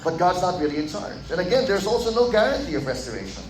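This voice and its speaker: A man's voice: high-pitched, sing-song, quick pace, a little hiss or hum. A man with a Filipino accent preaching a sermon as pastor, switching between English and Tagalog asides and acting out quoted voices. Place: church sanctuary. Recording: echoey hall with faint ambience.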